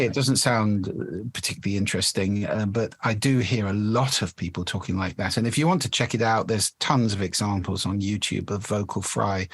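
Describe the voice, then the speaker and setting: A man's voice: on the low side, a bit bright, husky, dry recording. A man, a voice expert explaining speaking habits in a podcast interview. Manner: articulate, explanatory, demonstrates voice effects.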